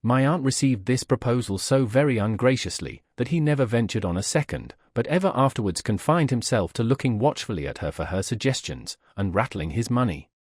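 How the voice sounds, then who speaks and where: A man narrating a classic novel as an audiobook in a measured, expressive way. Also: mid-range voice, slightly rough, dry recording, studio quality. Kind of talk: scripted literary narration.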